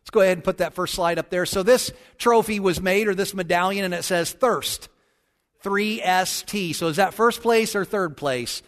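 Folksy male preacher in an echoing sanctuary. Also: high voice. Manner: folksy and joking, with a solemn, slowed prayer voice. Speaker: pastor. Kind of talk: sermon. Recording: long church reverb.

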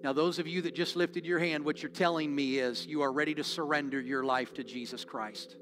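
Earnest pastor, soft music behind. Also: male voice, on the high side, fairly even intonation, a little fast. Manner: earnest, pleading, repetitive appeals. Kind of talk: altar call sermon. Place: church sanctuary.

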